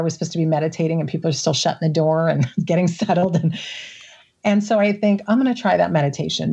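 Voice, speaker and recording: A middle-aged woman from the Midwest telling a personal story as an interview guest, emotional and laughing often between halting restarts. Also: deep voice, gravelly, mellow, breathy edge, muffled recording. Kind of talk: recounting a personal experience in an interview.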